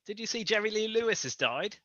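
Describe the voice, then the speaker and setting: A man's voice: high voice, lively intonation, fairly quick, fairly bright tone, dry recording, lo-fi sound. A man chatting casually on a live stream, bringing up news items.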